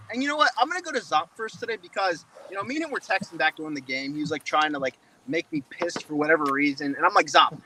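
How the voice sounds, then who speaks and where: A man's voice: on the high side, sharp tone, a little hiss or hum, rough recording. A man hosting a live sports fan show, ranting in frustration and swearing often. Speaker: show host. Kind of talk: heated sports fan podcast.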